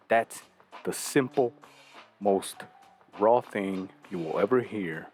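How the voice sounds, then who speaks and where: A man with a fairly low voice lectures in a blunt, profane way and keeps tossing out rhetorical questions. Faint music runs quietly under his talk. He sounds like a show host laying down advice. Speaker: podcast host giving dating advice. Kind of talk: casual talk.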